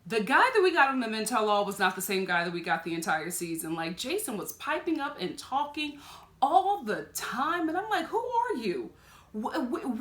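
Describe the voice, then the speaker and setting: A woman vlogger giving a casual, animated review of a TV show, laughing often and jumping into high exclaims. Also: echoey room.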